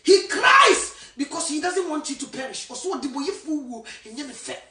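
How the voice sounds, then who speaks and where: A woman evangelist from Ghana, preaching fervently and swinging between shouting and a hush. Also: sits high, big pitch swings, normal speed, recorded from a distance. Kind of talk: impassioned sermon. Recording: echoey room, voice from afar.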